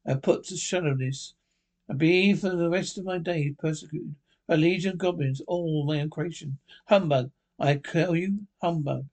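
Storybook old miser, frightened and shaky , read by a man, slightly raised pitch. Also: moderate pace, darkish tone. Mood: pleading. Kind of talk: storybook reading.

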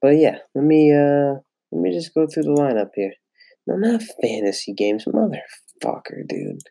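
Gravelly-voiced man rambling on a podcast. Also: on the low side, mellow, dry recording, clean studio sound. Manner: rambling and profane, with frequent fillers. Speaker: podcast host. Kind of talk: casual solo sports podcast.

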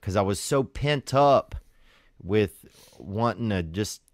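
A man calmly telling stories and giving advice in a matter-of-fact way. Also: fairly low pitch, slow, no echo, clean studio sound. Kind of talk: casual storytelling and advice.

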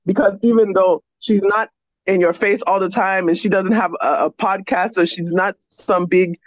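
On a video call, a young woman, the guest's daughter, rambles earnestly with heartfelt praise for her mother, saying "you know" a lot. Her voice is medium-pitched and steady at a moderate pace. The recording is rough but has no echo.

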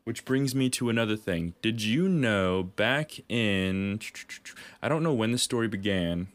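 Low-voiced man telling rambling stories. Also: animated, a little slow. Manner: rambling, swears a lot, laughs at his own stories. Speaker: podcast co-host. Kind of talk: casual storytelling chat.

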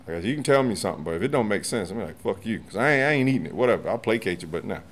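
Talking at a racing speed in a fairly low voice, this podcast guest, a martial arts master aged 40s or older, tells stories in a casual chat. He's animated, laughs a lot, and swears freely.

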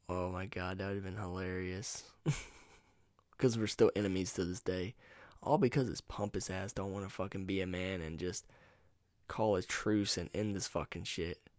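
A man from North Carolina hosting his own podcast, talking in a loose, rambling way and cursing freely. His voice sits low, and the USB mic at home gives it a close, dry sound with no room echo. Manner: rambling, profane, laid-back. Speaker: podcast host. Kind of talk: casual solo podcast monologue. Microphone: USB microphone.

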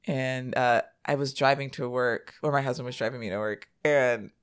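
A woman's voice: extremely low pitch, moderate pace, clean tone. A young married woman chatting casually about her day and acting out what people said to her. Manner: chatty, quotes people in animated voices. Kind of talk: casual storytelling chat.

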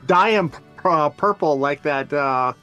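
A man's voice: on the high side, a little slow, sharp tone, lo-fi sound, soft background music. A man playing a tabletop game, joking drily with some hesitant fillers. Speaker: player. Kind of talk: casual tabletop play.

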